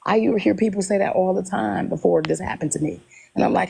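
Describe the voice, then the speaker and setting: A woman telling a personal story in casual conversation, animated, often repeating herself and acting out what people said. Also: mid-range voice, quick pace, vocal fry, slightly rough, rough recording. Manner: animated, retells dialogue in quotes, repeats herself. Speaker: guest telling her story.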